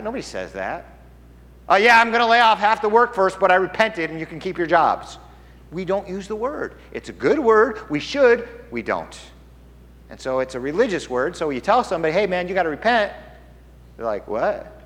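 A man preaching a sermon, emphatic and animated, asking the congregation questions as he teaches. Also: medium pitch. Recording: hall reverb.

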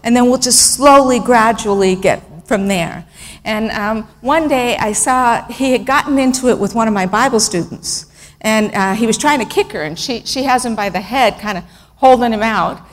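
A woman's voice: on the high side, normal speed, a little hiss or hum. A middle-aged woman giving a missionary talk with slides, telling stories in an earnest, emotional way with fillers and restarts. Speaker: missionary speaker. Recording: long reverb in a hall.

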